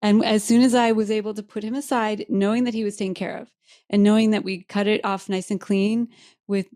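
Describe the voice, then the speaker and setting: A woman's voice: medium pitch, level tone, brisk, dark tone, no echo. Woman podcast host, candid and emotional storyteller, dry close sound. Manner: candid, heartfelt, laughs easily.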